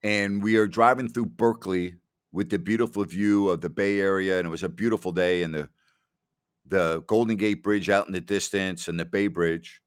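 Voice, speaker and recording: A man's voice: deep voice, fairly even intonation, normal speed, smooth, dry recording, clean studio sound. A man hosting a podcast, casually answering listener questions and telling rambling stories, often repeating himself and laughing. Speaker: podcast host.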